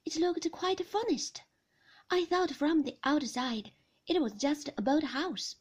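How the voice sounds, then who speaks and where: A woman's voice: high-pitched, slow pace, voice pushed up. A woman reading the part of a shy young woman who asks eager, nervously curious questions in a storybook reading.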